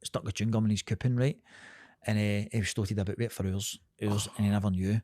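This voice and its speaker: A man's voice: on the low side, fast, no room sound, studio quality. A man in his thirties with a Scottish accent, co-hosting a podcast and telling a story in casual, sweary chat, laughing as he goes. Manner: lively, sweary, laughs through his stories. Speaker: podcast co-host.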